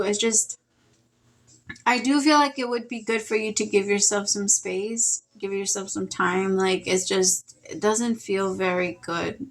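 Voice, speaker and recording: Emotional woman reading tarot. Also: medium pitch. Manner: emotional, rambling, with sighs and laughs. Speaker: tarot reader. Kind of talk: casual spoken tarot reading.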